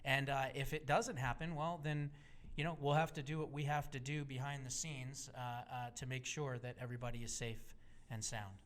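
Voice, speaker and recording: A man's voice: mid-range voice, fairly even intonation, normal speed, fairly bright tone. A man with a mid-range voice talks as a guest on a radio discussion show. He presses his points hard and insistently, and he scatters filler uhs between his phrases.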